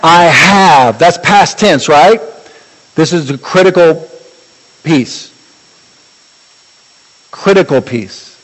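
High-voiced preaching pastor in a hall. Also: male voice, slow pace, long pauses. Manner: animated preaching with rising exclamations and humor. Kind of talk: sermon.

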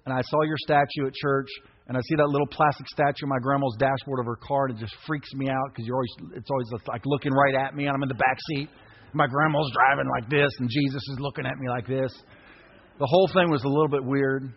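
A man around fifty preaching a sermon as pastor, impassioned, breaking into shouts. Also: medium pitch, fairly even intonation, quick pace, breathy edge. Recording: echoey hall, dull lo-fi sound.

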